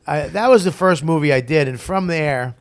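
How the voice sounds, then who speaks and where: Man, comic guest, casual interview, swearing, animated storytelling. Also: fairly high pitch, moderate pace. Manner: profane, animated storyteller who acts out quotes.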